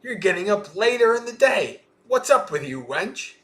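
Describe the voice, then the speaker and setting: A man voicing a housewife who loudly scolds her maid in a taunting, shouting way while reading a story aloud. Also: mid-range voice, big pitch swings, extremely slow, pitched above the performer's own voice. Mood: scolding.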